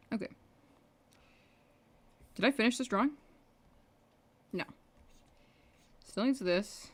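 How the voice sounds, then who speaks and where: This young woman livestreams as she animates, rambling and muttering to herself in casual chat while drawing. She speaks in a fairly high voice, taking her time with long pauses.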